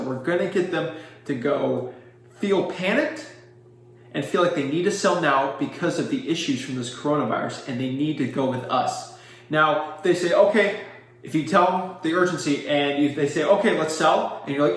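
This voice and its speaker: A man coaching on real estate wholesaling, direct and salesy, acting out his rehearsed pitch lines. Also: fairly bright tone. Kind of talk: instructional talk with sample sales pitches. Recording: very echoey room.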